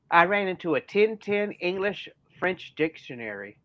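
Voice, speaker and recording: A man's voice: high-pitched, sing-song, normal speed, no echo, muffled recording. A man co-hosting a casual podcast, talking in a playful, jokey way. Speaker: podcast co-host.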